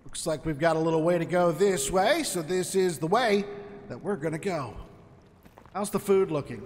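Talking at a normal speed in a voice on the high side, a man narrates his survival game playthrough as let's play commentary. He's chatty and jokey, speaking to enemies mid-fight. He sounds like he's in a large hall, with slight background noise.

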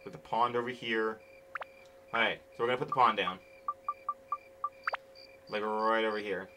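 A man's voice: lowish voice, steady tone, normal speed, background noise. A man hosting his gaming channel, giving casual commentary as he plays, grumbling impatiently and swearing often. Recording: game music playing under the voice. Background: video game music.

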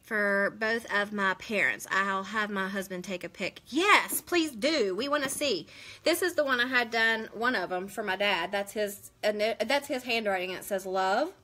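A woman's voice: mid-range voice, bright, forceful tone. A woman, chatting casually on a live stream, rambling and answering viewers' comments. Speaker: beauty vlogger hosting a live stream.

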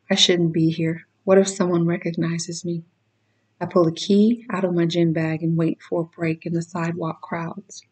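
A woman reading a novel chapter aloud in first person, measured and steady, with occasional stumbles she corrects. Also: fairly low pitch, husky, rough recording. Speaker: reader.

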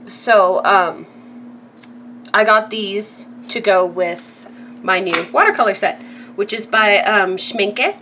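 A woman's voice: medium pitch, slow, pauses often, noisy background. A woman from California chatting casually through a craft supply haul, rambling with frequent ums and self-corrections and laughing at her own asides. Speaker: craft vlogger.

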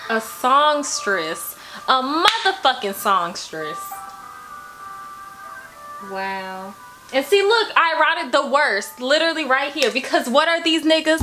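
A woman's voice: high-pitched, a little slow, over music. A woman reacting to a song from her bedroom, gushing, emotional and swearing freely. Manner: emotional, gushing, profane, animated. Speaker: music reaction vlogger. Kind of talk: casual reaction commentary.

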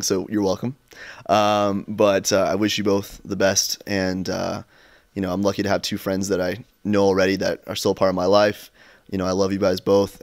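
A man's voice: deep voice, no echo, studio quality. A man giving a casual, hesitant wedding message to the couple, full of fillers. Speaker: wedding guest.

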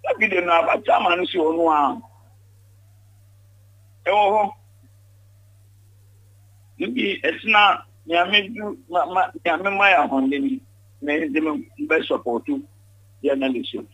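Older Ghanaian man as interview guest: husky, bright, emphatic, repeats himself, dry close recording. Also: on the high side, slow, long pauses, no room sound, low-quality recording. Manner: emphatic, repeats words when pressed. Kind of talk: candid interview.

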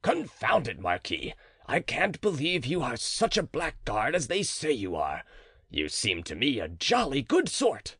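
A man's voice: medium pitch, wildly swooping pitch, a little slow, a bit bright, husky, no echo, clean studio sound, heavily acted. A man voicing a portly, worn-out provost who speaks in a heavy, formal and polite way. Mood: tipsy. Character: portly, worn-out middle-aged male provost.

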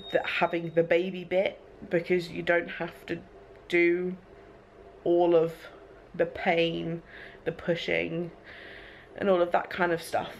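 A woman's voice: lowish voice, creaky, a little hiss or hum. A young woman talking casually to her camera at home, candid and rambling, often laughing between emotional thoughts. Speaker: vlogger. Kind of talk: casual vlog talk to camera. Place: echoey room at home. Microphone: compact camera.

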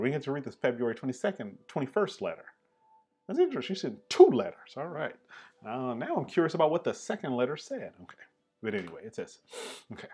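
A man's voice: medium pitch, a little mellow, breathy edge. A man hosting a casual chat over tea, filling his talk with "like" and "right?". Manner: chatty, fills with "like" and "right?". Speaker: host.

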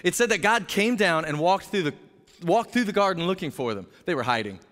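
A man preaching a sermon as pastor, telling a story in an energetic, jokey way and acting out the characters' voices. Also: sits high, brisk. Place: church sanctuary. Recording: long hall reverb.

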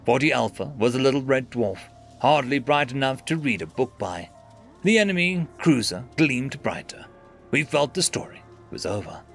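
A man's voice: mid-range voice, expressive, normal speed, creaky, fairly bright tone, faint music behind. A man narrating a scripted science fiction story in a dramatic, dry manner.

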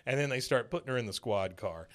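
A man's voice: medium pitch, expressive, fast, fairly bright tone. A man hosting a podcast, casually recapping a cartoon episode and quoting its characters in passing voices. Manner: retells scenes, quoting characters in light put-on voices. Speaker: podcast host.

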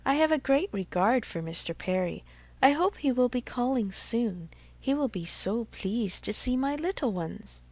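A woman reading the part of a gentle young mother who speaks earnestly and reassuringly. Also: a little high, expressive, normal speed, voice pushed up. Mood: earnest warm. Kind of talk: audiobook character reading.

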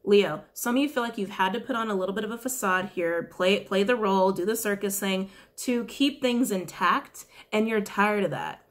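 Woman, tarot reader, casual reading, chatty, blunt, swears, repeats questions to the cards, mid pitch. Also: moderate pace, hardly any pauses.

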